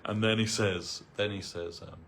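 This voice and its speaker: A man's voice: fairly low pitch, fairly even intonation, normal speed, gravelly, fairly bright tone, slight background noise. A man giving a loose, anecdotal talk on a spiritual reading, full of "like" and "you know". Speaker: devotee speaker. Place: temple hall.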